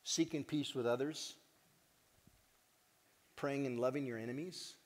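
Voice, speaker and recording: A man giving a heartfelt conference talk as the organization's director, earnest and animated, joking with the audience now and then. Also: mid-range voice, measured pace. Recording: long hall reverb.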